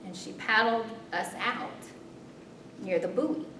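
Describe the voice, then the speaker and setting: A woman performing a spoken story, expressive, her voice jumping high in tense moments and softening when reflective. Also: takes it slowly, noisy background. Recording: roomy, distant, rumbling background.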